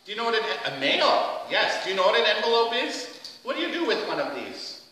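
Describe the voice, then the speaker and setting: High, bright man talking to children. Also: very animated, fairly quick, slight background noise. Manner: gentle, questioning, playful with children. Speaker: children's message leader. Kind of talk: children's sermon. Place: church sanctuary. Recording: echoey church hall from far off.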